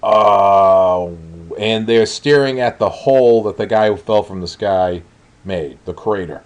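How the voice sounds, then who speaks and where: A man's voice: lowish voice, a little slow. A man reviewing a show in a blunt, exasperated way, with frequent ums and uhs. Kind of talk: spoken review.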